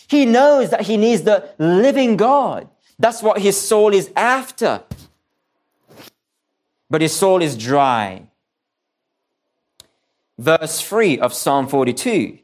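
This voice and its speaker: A man's voice: high-pitched, sing-song, slow, long pauses. A man preaching a sermon, earnest and repeating key phrases for emphasis, sometimes restarting his words. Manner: restarts and stumbles on some words.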